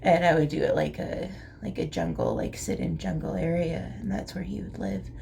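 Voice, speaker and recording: A young woman vlogging, speaking through tears in a small voice, halting and soft, with whispery asides. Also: sits low, huge pitch swings, vocal fry, slight background noise. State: crying. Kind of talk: tearful confessional monologue.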